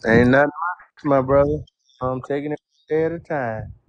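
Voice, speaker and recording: A man who is a guest gardener in a casual live-stream chat, speaking in a measured way with "uh" pauses. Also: medium pitch, highs cut off.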